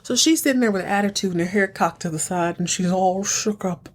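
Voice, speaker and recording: A woman hosting a podcast, recapping a TV episode in a chatty, animated storytelling way. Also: mid-range voice, fairly quick. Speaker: podcast host.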